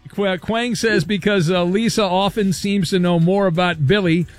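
A man hosting a talk radio show, brisk and teasing as he reads listener messages. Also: high-pitched, steady tone. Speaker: radio sports talk host.

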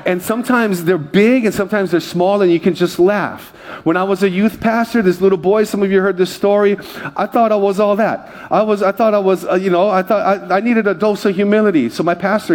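A man's voice: high voice, a little fast, a little mellow. A male pastor from Hawaii preaching a sermon, telling self-deprecating stories to his congregation. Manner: self-deprecating, jokey storyteller. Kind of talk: sermon with humorous personal stories.

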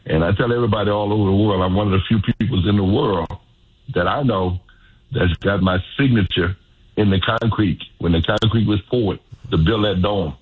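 An older former football player from Louisiana tells stories in an interview, animated and repeating phrases as he goes. His voice is fairly low and husky at a moderate pace, heard over a phone-like radio line.

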